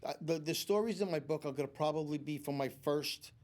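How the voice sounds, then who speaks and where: A brisk, slightly mellow man's voice on the high side belongs to a psychic medium guesting on a talk show. In the community TV studio he tells long, meandering anecdotes, restarting frequently and performing what people said.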